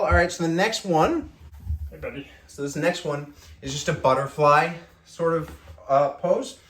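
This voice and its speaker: A man's voice: a little high, measured pace, fairly bright tone, reverberant. A man with an Australian accent, filming a casual workout vlog, whining and groaning as he strains through stretches, a bit out of breath. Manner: whiny, self-mocking, groaning through stretches. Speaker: fitness vlogger.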